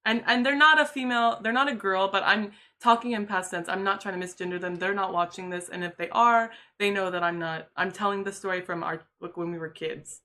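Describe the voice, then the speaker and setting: A woman's voice: mid-range voice, fairly even intonation, fairly quick, few pauses, bright, forceful tone. A young woman livestreaming, talking candidly and casually, laughing often and swearing freely.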